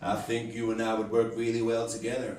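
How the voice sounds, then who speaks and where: A man voicing a pushy American man chatting up a woman, with a put-on American accent, smooth talk that turns into a threat. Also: mid-range voice, completely flat delivery, a little fast, voice pushed down, lightly acted. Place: comedy club stage. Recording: echoey club, distant mic, loud noise.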